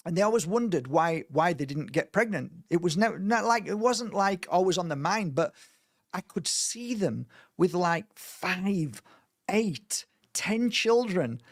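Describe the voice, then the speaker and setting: A man's voice: high-pitched, lively intonation, a little slow, no room sound, clean studio sound. A man leading a spiritual healing workshop, talking earnestly in a rambling way with many restarts. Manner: earnest, rambling, with frequent restarts and mimicked voices. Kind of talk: informal spoken workshop talk.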